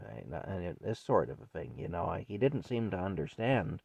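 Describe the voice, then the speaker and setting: A man's voice: deep voice, sing-song, moderate pace, gravelly, hardly any pauses, darkish tone, husky, no room sound. An older man telling a childhood story in a rambling, folksy way. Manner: rambling, folksy, repeats himself. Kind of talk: casual spoken memoir.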